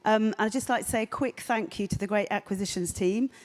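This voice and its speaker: A woman at an awards podium gives upbeat thanks, listing colleagues one after another. Her voice sits at a middle pitch and carries long reverb from the big hall. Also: fairly quick. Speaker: award winner giving thanks. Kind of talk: acceptance speech. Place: large hall at an awards ceremony.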